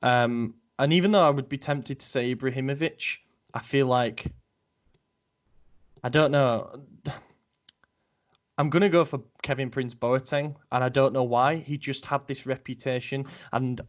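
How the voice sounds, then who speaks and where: A man's voice: medium pitch, a little slow. Chatty young podcast man. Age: 20s. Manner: chatty, rambling with many ums. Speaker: podcast co-host. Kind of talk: casual chat. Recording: dull lo-fi audio.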